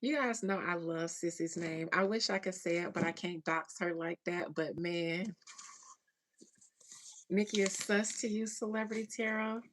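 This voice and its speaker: A woman hosting a casual livestream chat, reading viewer comments, slangy and animated, laughing often. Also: fairly low pitch, a little slow, a little hiss or hum.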